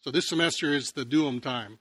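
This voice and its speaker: A pastor preaching in a conversational way, telling stories and often restarting phrases. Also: male voice, mid-range voice, fairly quick, fairly bright tone, husky, no echo. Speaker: pastor and teacher. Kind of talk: sermon.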